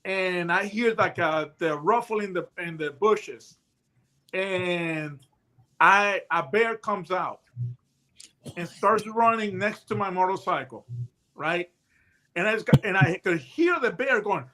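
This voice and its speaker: A man in his sixties, a retired hostage negotiator, telling stories in a casual, animated way and acting out the voices in them. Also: sits high, takes it slowly. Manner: animated storyteller who acts out voices in his tales. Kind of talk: casual anecdotal storytelling.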